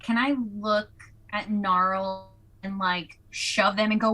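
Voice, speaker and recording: A woman playing in a live tabletop game, animated and asking rules questions. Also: medium pitch, takes it slowly, rough recording. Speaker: player.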